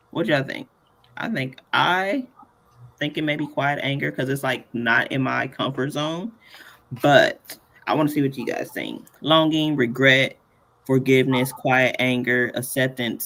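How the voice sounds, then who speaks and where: A man's voice: mid-range voice, slow, vocal fry, bright, forceful tone. A man hosting a casual live tutorial, chatty and playful, often laughing between points. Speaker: workshop host.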